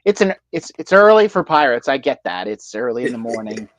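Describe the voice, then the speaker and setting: An American man co-hosting a casual livestream, speaking haltingly with many fillers and restarts. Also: mid-range voice, very animated, a bit bright, no room sound. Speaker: livestream co-host.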